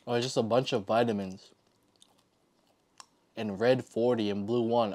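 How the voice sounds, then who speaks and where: A man vlogging casually as he eats a meal, excited and often talking with his mouth full. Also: mid-range voice, measured pace, pauses often. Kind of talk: casual eating vlog.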